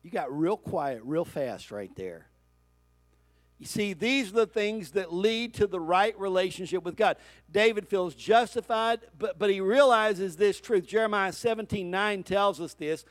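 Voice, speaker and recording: A man's voice: high voice, lively intonation, unhurried, no echo. A man preaching a sermon as pastor, talking straight to his congregation and calling for their responses.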